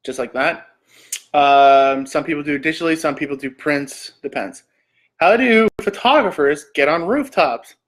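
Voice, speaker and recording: Male streamer from Canada, fairly high voice, casual and joking, reading questions and riffing. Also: normal speed. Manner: reads questions aloud then jokes back. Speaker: livestream host. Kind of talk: casual live-stream chat.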